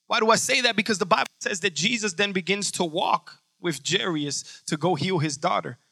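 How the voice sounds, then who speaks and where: A man preaching with a high, intensely forceful voice. He speaks in an emphatic, conversational way and keeps throwing rhetorical questions at the congregation. The sound is very dry and close. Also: fairly quick, vocal fry, husky, no room sound. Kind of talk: sermon.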